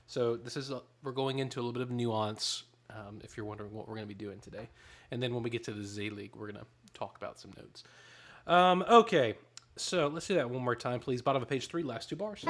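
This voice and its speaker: A man's voice: medium pitch, fairly quick, music in the background. A man leading a choir rehearsal, giving directions between short sung demonstrations. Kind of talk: rehearsal instruction.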